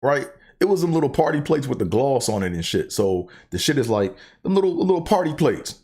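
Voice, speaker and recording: A man's voice: medium pitch, big pitch swings, a little fast, darkish tone, breathy edge. A man hosting his own show, telling stories in a casual, profane, joking monologue. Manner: profane, laughing storyteller. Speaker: host.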